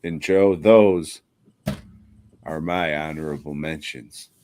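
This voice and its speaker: A man's voice: extremely low pitch, steady tone, takes it slowly, a little mellow, no room sound. A man co-hosting a podcast, ranting bluntly with lots of swearing and laughter. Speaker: podcast co-host. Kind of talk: casual podcast chat.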